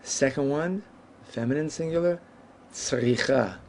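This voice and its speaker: A man teaching a Hebrew lesson at a whiteboard, explaining patiently and saying each Hebrew word slowly and carefully. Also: on the high side, gravelly, a little mellow, a little hiss or hum.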